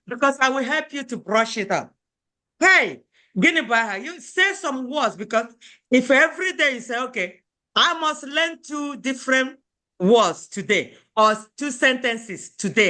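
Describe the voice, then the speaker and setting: A woman's voice: sits high, bright, forceful tone. A woman teaching an adult beginners' language class, coaxing her students and switching between English and Igbo phrases. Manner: encouraging, coaxing, repeats phrases often.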